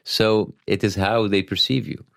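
A middle-aged man with an Egyptian Arabic accent speaks in a very low, gravelly voice. He talks in a wry, self-deprecating way and pauses to think. The sound is close and dry. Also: level tone, fairly bright tone, dry recording. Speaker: satirist guest. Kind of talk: conversational interview.

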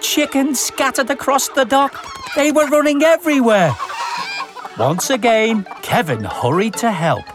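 A woman reading a children's storybook aloud in an expressive, animated way. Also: a little high, measured pace, over music.

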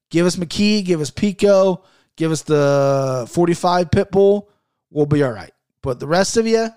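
A man's voice: a little high, a little mellow. A man hosting a solo podcast, talking bluntly and rambling with lots of swearing and restarts, and getting fired up as he pushes his listeners. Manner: gets fired up, pushing listeners hard. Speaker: podcast host.

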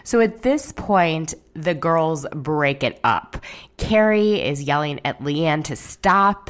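A woman's voice: low voice, expressive, slow. A woman giving a casual, candid recap of a reality show episode, opinionated, with dry jokes and the odd swear word.

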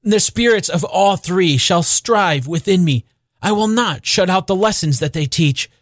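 A man's voice: on the high side, sing-song, normal speed, fairly bright tone, no room sound, clean studio sound. A man voicing an elderly repentant miser, talking in fervent, breathless exclamations for an audiobook. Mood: pleading. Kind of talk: audiobook character reading.

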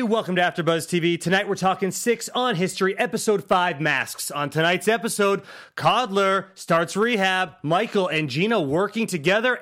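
A man's voice: high voice, fairly bright tone. A man hosting a TV after-show, upbeat and hyped, talking like an announcer. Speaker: host. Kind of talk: energetic show host banter.

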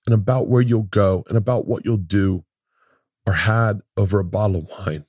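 A man's voice: fairly low pitch, moderate pace, darkish tone, breathy edge, no room sound, studio quality. Tipsy emotional man swearing freely. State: tipsy from wine. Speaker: podcast guest. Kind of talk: casual emotional chat.

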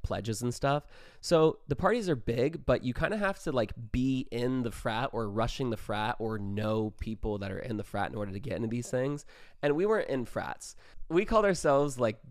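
A man's voice: mid-range voice, no room sound, clean studio sound. A man telling a wild party story in a casual vlog, rambling, swearing and filling with "like". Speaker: vlogger.

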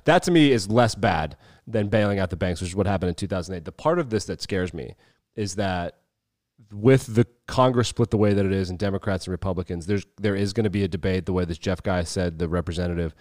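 A man in his thirties co-hosting a podcast, talking in a loose, animated way, swearing freely and mimicking people as he tells a story. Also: deep voice, fast, dry recording, studio quality. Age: 30s. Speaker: podcast co-host. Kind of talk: casual chat.

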